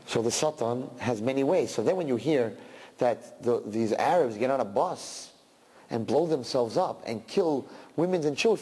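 A man preaching a sermon and telling a story, animated and breaking into loud outbursts. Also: on the high side, a little slow, slightly rough, big-room sound.

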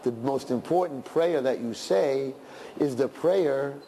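A man, a rabbi, giving an animated sermon to young people, sprinkling in Yiddish and Hebrew terms and swinging between loud and hushed. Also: medium pitch, slow, in a large hall, slight background noise.

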